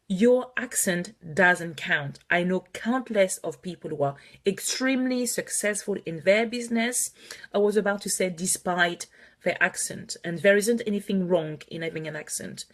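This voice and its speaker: Encouraging French-accented woman coach. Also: mid-range voice. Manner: encouraging, earnest, chatty with laughs. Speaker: online marketing coach. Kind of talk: motivational live video talk.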